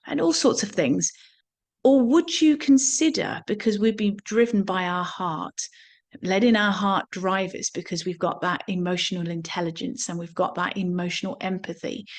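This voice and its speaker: A woman from England, giving an earnest, reflective teaching talk on somatics and often repeating words as she thinks. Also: mid-range voice.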